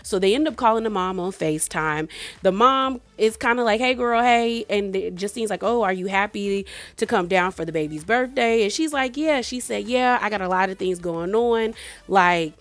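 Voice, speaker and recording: Animated woman recapping reality TV. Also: mid-range voice, moderate pace, no echo. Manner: animated, laughs often, acts out quotes. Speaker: reality TV reviewer. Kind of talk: casual recap and commentary.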